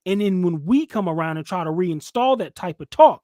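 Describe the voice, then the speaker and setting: A man hosts a podcast, and his talking voice sits high. He preaches and lectures with heavy emphasis, and he mocks people in squeaky put-on voices. The sound is close and dry. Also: expressive, a little fast, mellow, no echo. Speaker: channel host. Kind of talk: heated commentary chat.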